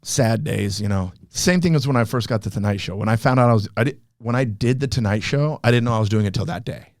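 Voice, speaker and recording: Animated storytelling comedian, dry sound. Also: male voice, on the low side, fast talker, dry recording. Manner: animated, acts out quoted lines. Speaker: stand-up comedian guest. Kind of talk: casual storytelling.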